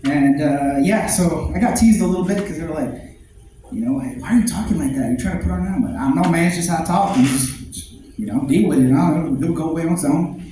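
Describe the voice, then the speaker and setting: A man's voice: fairly high pitch, fast, warm tone, very echoey, a little hiss or hum, low-quality recording. A man doing first-time open mic stand-up, chatty and self-deprecating, laughing at his own jokes. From southern United States. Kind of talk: stand-up comedy storytelling. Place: small comedy club stage.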